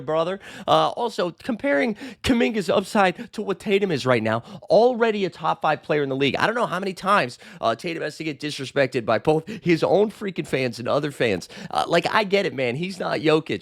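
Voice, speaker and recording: A man hosting a casual sports show, reading viewer comments and answering them bluntly and animatedly, a little hoarse. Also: fairly high pitch, no echo, clean studio sound. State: slightly hoarse. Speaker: host.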